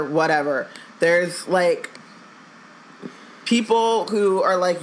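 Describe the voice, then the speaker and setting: Woman, rambling chatty talk, lower voice, faint hiss. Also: moderate pace, low-quality recording. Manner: rambling, full of "like" and restarts. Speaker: podcast co-host. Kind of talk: casual chat.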